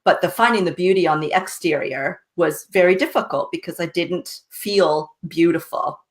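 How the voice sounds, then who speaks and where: A woman's voice: lowish voice, normal speed. A woman guest on a podcast, earnestly telling her story in a casual way and often asking "right?" with a light laugh. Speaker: guest, success coach.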